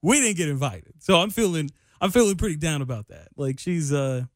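Young male sports radio host, slightly high voice, loose and rambling, dry studio mic. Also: expressive, fairly quick, no echo. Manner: loose, rambling, self-deprecating. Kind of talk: casual sports radio talk. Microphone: studio microphone.

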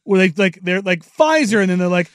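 A man's voice: high voice, completely flat delivery, quick pace, clean tone, dry recording. A man co-hosting a radio show, chatting casually with dry sarcasm and putting on voices when he retells things. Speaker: radio co-host. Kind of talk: casual sports radio chat.

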